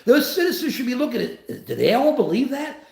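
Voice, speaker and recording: A man's voice: very high voice, huge pitch swings, fairly quick, vocal fry. A man in his seventies hosting a live political talk show, speaking with passion and often restarting his sentences. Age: 70s. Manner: impassioned, rambling with restarts. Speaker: host. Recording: roomy echo.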